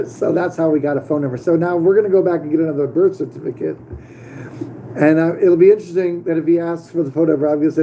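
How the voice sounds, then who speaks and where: A man's voice: a little high, steady tone, quick pace, dark tone, muffled recording, slight background noise. A middle-aged man talking casually to camera as the host of his own channel, rambling with many fillers and restarts. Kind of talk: casual vlog monologue.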